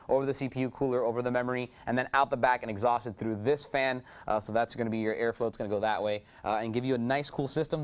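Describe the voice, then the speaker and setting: Male presenter, quick eager sales patter, middle pitch, casual demo delivery. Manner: enthusiastic salesy patter with many fillers. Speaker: product presenter. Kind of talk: unscripted product demo.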